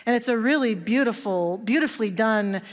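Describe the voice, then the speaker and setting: A woman's voice: a little high, moderate pace. A woman minister giving a sermon, telling stories and acting out the voices of the people in them with earnest feeling. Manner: storytelling, acts out quoted voices, earnest. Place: church sanctuary. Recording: long hall reverb.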